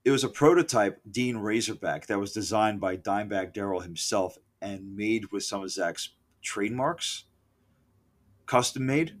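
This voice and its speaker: Middle-aged guy ranting about a gig, swears a lot, lowish voice, blurts out loud bits. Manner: profane, ranting, opinionated; self-correcting asides, loud outbursts. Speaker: concert reviewer. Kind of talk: casual spoken concert recollection.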